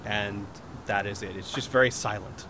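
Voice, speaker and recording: A man's voice: fairly low pitch, steady tone, moderate pace, bright, forceful tone, a little hiss or hum. Man game master narrating a tabletop game. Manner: rambling, with many fillers and restarts.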